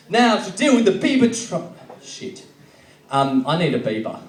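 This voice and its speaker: High-voiced male comic, live room. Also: huge pitch swings, moderate pace. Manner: playful, acts out characters, laughing often. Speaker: stand-up comedian. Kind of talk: stand-up comedy sketch with audience. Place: comedy club stage. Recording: roomy live venue from far off, crowd. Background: audience laughter.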